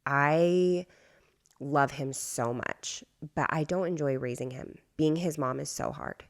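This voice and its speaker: Low-voiced woman telling a family story. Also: takes it slowly. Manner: candid, rambling with many fillers. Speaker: podcast co-host. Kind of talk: casual storytelling chat.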